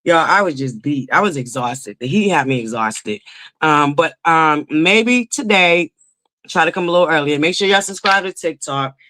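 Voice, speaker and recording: A woman's voice: sits low, expressive, normal speed, fairly bright tone. A woman hosting a casual livestream from home, chatting and greeting viewers by name. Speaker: livestream host.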